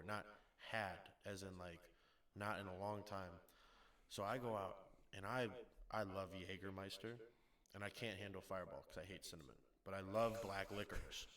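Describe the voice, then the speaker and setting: Bright-voiced young man telling stories. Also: sits low, moderate pace. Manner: animated storytelling, acts out quotes, laughs often. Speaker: podcast guest. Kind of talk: casual chat.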